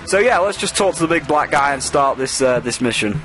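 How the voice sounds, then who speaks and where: A man's voice: on the high side, lively intonation, fairly quick, a bit bright, faint music behind. A man giving casual gameplay commentary as a let's play host, rambling and jokey with frequent swearing.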